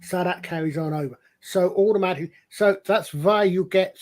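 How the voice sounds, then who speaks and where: A man's voice: high voice, fairly quick, darkish tone. A man co-hosting a casual chat show, explaining things at length in a rambling, storytelling way. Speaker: podcast co-host.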